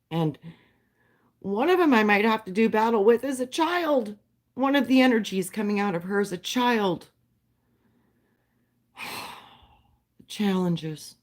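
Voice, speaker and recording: A woman hosting a livestream, talking to her viewers in a heartfelt, spiritual way. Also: mid-range voice. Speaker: livestream host. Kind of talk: casual livestream chat with viewers.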